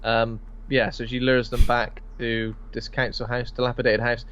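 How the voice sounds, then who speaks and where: A man's voice: mid-range voice, little pitch movement, normal speed, a bit bright, clear, resonant tone. A chatty man co-hosting a horror podcast, swearing freely and acting out bits of dialogue. The audio sounds dull and lo-fi. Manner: chatty, swears, acts out lines in raised voice. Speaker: podcast co-host. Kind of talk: casual film discussion.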